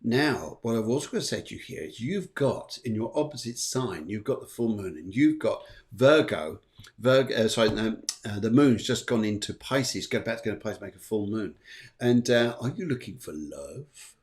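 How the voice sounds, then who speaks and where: A man's voice: fairly low pitch, expressive, moderate pace, darkish tone. A man hosting a live astrology show, chatting playfully and reading out viewer comments. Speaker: host.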